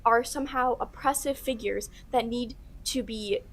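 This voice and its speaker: A woman speaks high in her range as she delivers a pointed commentary video. Her manner is brisk, assertive and dismissive. There is faint background noise behind her voice.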